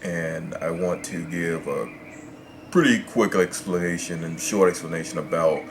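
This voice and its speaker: In this explanatory language lesson, a man with a deep voice teaches Spanish pronunciation in English, deliberately repeating and rephrasing for clarity. The background carries clear noise and birdsong.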